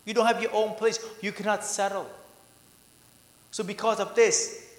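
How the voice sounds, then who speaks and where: A man's voice: sits high, flat delivery, moderate pace. A man preaching a sermon as pastor, asking his listeners questions and answering them himself. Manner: dynamic preaching, asks the congregation questions. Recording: echoey church hall.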